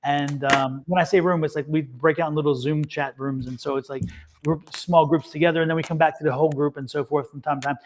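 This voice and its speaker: A chatty man hosts a live tarot session over a video call, talking in a casual, rambling way. His voice sits a bit high for a man. He repeats words and laughs often. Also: fairly even intonation, quick pace, a little hiss or hum. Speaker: tarot reader and co-host. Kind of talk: casual livestream chat.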